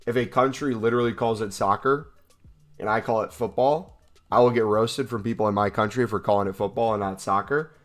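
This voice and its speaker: A young American man casually chatting on a livestream, reading out and answering chat questions with jokes. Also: lowish voice. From United States. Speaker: streamer reading live chat.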